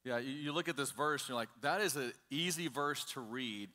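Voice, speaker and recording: Emphatic pastor, bright and energetic. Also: male voice, mid-range voice, brisk. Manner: emphatic, repeats "listen to me" to the congregation. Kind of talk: conversational sermon.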